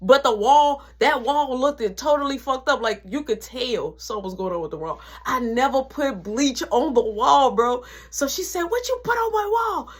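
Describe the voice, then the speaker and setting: A woman vlogger with a fairly high voice speaks at normal speed, barely pausing. She retells a family story in slangy, animated casual speech, acting out the quotes and people involved.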